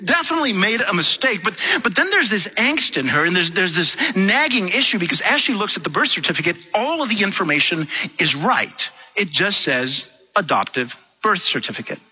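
Brief: male preacher, high, very bright and husky voice, stammering restarts, dull lo-fi sound. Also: moderate pace. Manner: animated, repeats words when starting sentences. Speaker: pastor. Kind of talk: sermon storytelling. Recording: dull lo-fi recording.

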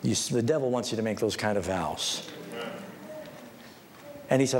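A man's voice: moderate pace, pauses often. A man preaching a sermon as a pastor, telling stories and acting out the people he quotes, then pleading directly with his listeners. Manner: storytelling, acting out the people he quotes with big pitch swings; pleading, personal appeal to listeners. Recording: hall reverb with faint background noise.

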